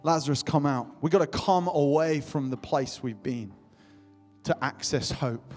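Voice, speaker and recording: A young man preaching with fervor, his somewhat high voice ringing through a church hall with a long reverb. Soft music plays underneath as he repeats his calls to the congregation. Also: unhurried. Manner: impassioned, repetitive calls to the congregation. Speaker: pastor. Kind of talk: sermon.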